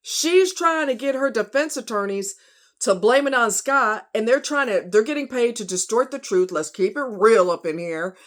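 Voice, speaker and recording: A woman's voice: a little high, animated, normal speed. A woman hosting a casual true crime vlog, talking bluntly and heatedly to her viewers. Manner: blunt, outspoken, fired-up; talks to viewers as y'all and honey.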